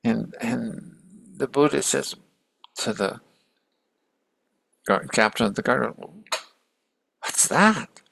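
Guy telling a story like chatting, keeps restarting, gravelly voice, dry close sound. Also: medium pitch, slow, pauses often, a bit bright, no echo. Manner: conversational, many restarts, acts out quotes. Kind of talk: casual spoken retelling of a story.

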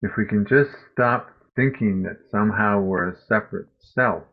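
A man giving a meditation dharma talk, speaking slowly and gently with reflective pauses. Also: fairly low pitch. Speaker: meditation teacher. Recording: phone-like lo-fi recording.

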